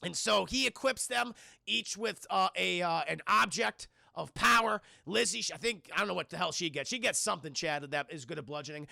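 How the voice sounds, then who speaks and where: A young man streaming from his apartment, recapping a film scene by scene for his chat in an excitable, profane way and acting out the characters' lines. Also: high voice, fairly quick, gravelly, no room sound, clean studio sound.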